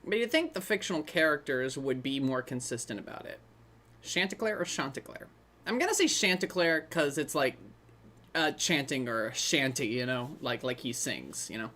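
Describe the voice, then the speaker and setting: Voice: medium pitch, very animated, normal speed, a bit bright, slight background noise. A host talking through a film in a casual commentary, rambling and chatty, with many side remarks. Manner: rambling, chatty, trailing off into asides.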